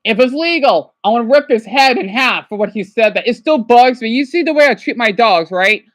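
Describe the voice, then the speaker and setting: A man livestreaming his reactions, rambling and agitated, dropping to quiet mutters and then yelling at someone off to the side. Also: very high-pitched, animated, brisk, no echo. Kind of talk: casual livestream reaction chat.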